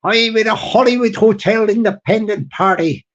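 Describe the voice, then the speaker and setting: A man voicing a boisterous Irish party chairman giving a rally speech, with a put-on Irish accent and loud, repetitive speechmaking. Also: high-pitched, moderate pace, muffled recording, close to an everyday voice. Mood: rousing.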